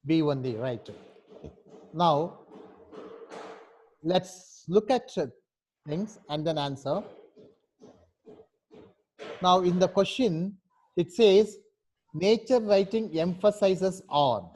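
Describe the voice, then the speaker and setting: A man's voice: fairly high pitch, lively intonation, very slow, pauses often, darkish tone, slight background noise. A man teaching a class, explaining step by step and often checking with "right?". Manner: patient, repeats "right?" to check understanding. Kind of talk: online class instruction.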